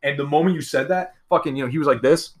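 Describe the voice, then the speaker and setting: Fast-talking young man telling a story. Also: on the high side, echoey room, a loud crowd. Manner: profane, animated, acts out quotes in shifting voices. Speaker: storyteller in casual chat. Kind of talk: casual chat.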